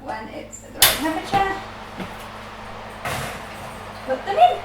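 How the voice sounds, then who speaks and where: A woman with a very high voice and huge pitch swings chats and giggles while working through a casual baking tutorial in her home kitchen. She speaks a little slowly, and the echoey room is very noisy with clattering dishes.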